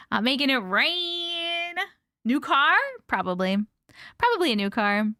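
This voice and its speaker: A woman's voice: high voice, expressive, slow pace, sharp tone, dry recording, clean studio sound. A woman hosting a livestream, chatting casually with viewers, greeting them by name and laughing often. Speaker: livestream host.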